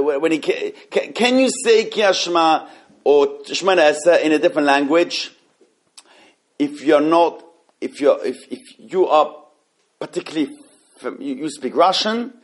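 A man leads a relaxed Torah class. His voice sits a little high, and he talks animatedly, often restarting mid-sentence. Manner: animated, halting with many restarts.

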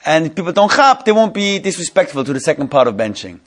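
Male rabbi, slightly higher voice, leading a text class: mumbled readings, slow halting explanations, questions to the room. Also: big pitch swings, fairly bright tone. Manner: reads Hebrew text in a quick mumble, then explains it slowly in English; restarts and repeats phrases, asks the class questions. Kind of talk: Torah study class, explaining a legal text.

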